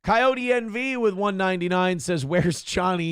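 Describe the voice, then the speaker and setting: This morning show host has a clean tone and moderate pace, captured in clean studio sound without room noise. Reading viewer comments casually, he feigns sardonic outrage, swears freely, and quotes lines in a high, sing-song voice.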